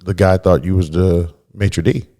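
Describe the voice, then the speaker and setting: A man's voice: low voice, fairly even intonation, a little slow, dark tone. A man co-hosting a podcast in casual chat, chiming in with short remarks and jokes. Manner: short interjections, joking asides. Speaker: podcast co-host.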